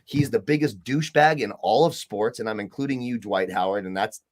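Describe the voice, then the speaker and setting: A man's voice: lowish voice, a little fast. A man co-hosting a sports podcast, talking casually and ranting with heavy swearing. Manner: profane, ranting. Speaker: podcast co-host.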